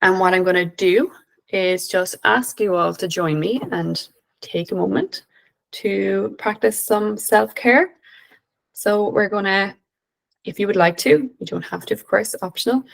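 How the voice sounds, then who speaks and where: A woman in her thirties with an Irish accent, giving a gentle, guiding online presentation on emotional wellbeing with some "um"s. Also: medium pitch, a little slow, vocal fry, rough recording. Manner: gentle, guiding, with filler "um"s and restarts. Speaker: behaviour analyst presenter.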